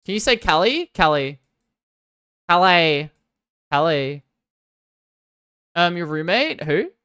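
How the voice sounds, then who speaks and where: With no echo and clean studio sound, a young Victorian woman speaks at normal speed in a lowish voice full of big pitch swings. She chats casually on stream, reading comments sarcastically, joking, and loudly protesting at times.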